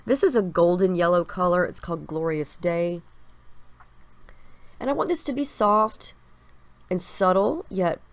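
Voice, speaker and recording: A woman's voice: on the low side, lively intonation, unhurried, long pauses, dry recording. A woman with a stuffy cold, chatting upbeat through her scrapbooking steps in a casual voice-over. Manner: chatty and upbeat, explaining each step. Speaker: scrapbooking crafter. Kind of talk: casual process video voice-over.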